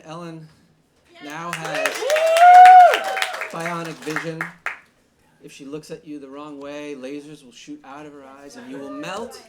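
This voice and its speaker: A man from Long Island, New York, hosting a live reading series in a bar, joking and energetic with the audience. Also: on the high side, a little slow. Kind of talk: live event emcee. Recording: noisy bar with crowd. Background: crowd chatter and noise.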